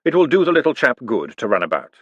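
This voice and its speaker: A man voicing a cold, dry, menacing aristocratic male tyrant, speaking slowly and precisely. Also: mid-range voice, big pitch swings, husky, dry recording, dull audio. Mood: cool menace. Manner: slow, measured, precise and icy.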